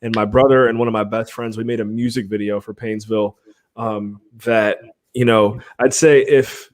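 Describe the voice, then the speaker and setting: A man's voice: fairly low pitch, steady tone, normal speed. A man from Ohio hosting a livestream podcast, chatting casually, rambling a little and laughing often as he runs giveaways. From Ohio, USA. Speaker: podcast host.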